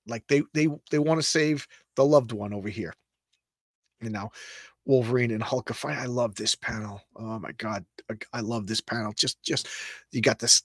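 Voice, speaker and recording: A middle-aged man hosting a casual comics read-through, excitable and rambling with stammered repeats. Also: medium pitch, no room sound, clean studio sound. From Long Island, New York. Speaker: comics show host.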